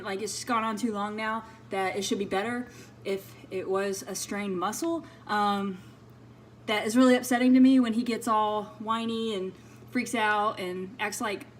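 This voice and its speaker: Brief: chatty female fitness vlogger with a slightly raised pitch, recorded with clear background noise. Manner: rambling and chatty, many fillers. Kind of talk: casual vlog talk.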